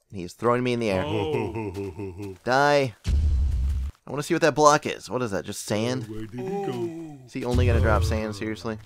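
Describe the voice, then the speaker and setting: A young man giving casual gameplay commentary as a channel host, excitable and often yelping in surprise. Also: mid-range voice, slight background noise. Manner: excitable, exclaims and yelps often.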